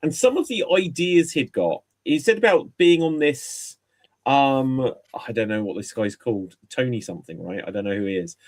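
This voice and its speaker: A man talking casually on a podcast, and his voice sits at a middling pitch. He rambles and restarts as he shares strong opinions. His voice comes through a video call mic. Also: lively intonation, normal speed, darkish tone. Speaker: podcast co-host. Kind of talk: casual chat.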